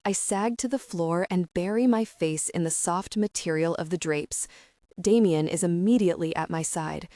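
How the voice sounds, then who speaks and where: A woman narrating a first-person romance audiobook in a steady, even reading voice. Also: fairly low pitch, normal speed, no echo, clean studio sound.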